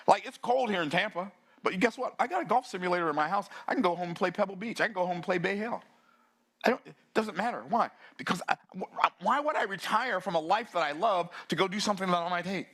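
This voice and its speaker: A man, giving a fiery motivational talk that surges between low, intense stretches and excited outbursts. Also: fairly quick. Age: 60s. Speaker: summit speaker.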